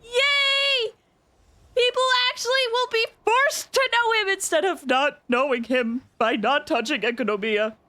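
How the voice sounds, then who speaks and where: A woman streaming a video game, commenting live in a gushing, excitable way, squealing and shouting with delight. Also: very high-pitched, unhurried, dry recording.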